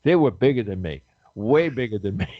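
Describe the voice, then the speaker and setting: An animated man tells a story on a talk show, putting on the voices of the people he quotes. His voice is fairly low. The recording is dry and dull, with no room sound. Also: brisk, no echo. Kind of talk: casual talk radio storytelling.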